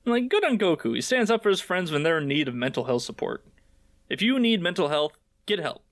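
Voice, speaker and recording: A man's voice: high voice, very animated, a little fast, a bit bright, dry recording. A man hosting a casual recap podcast, joking, swearing and laughing often as he acts out scenes. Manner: profane, joking. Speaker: podcast host.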